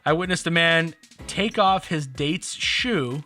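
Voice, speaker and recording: Joking man with a bright voice. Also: a little high, slow pace, soft background music. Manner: joking, animated storyteller. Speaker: podcast co-host. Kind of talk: casual podcast chat.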